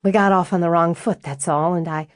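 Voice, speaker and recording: A woman plays a tightly wound young widow in an audiobook, careful and apologetic in every word. The voice sits low and the sound is dry and close. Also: steady tone, fairly quick, dry recording, natural voice.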